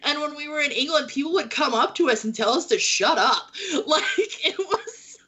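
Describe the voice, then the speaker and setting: Bright, chatty American woman. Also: high-pitched, animated, normal speed, low-quality recording. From United States. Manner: chatty, laughs a lot, quotes people in voices. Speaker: romance author and speech teacher. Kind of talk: casual panel chat.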